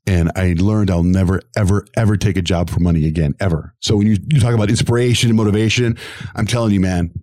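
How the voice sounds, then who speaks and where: A middle-aged man who works as a radio host tells his story in an interview. His voice sits very low and he talks at a quick clip, switching into the voices of the people he quotes. The sound is dry and close. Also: no echo. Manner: animated, acts out quoted voices.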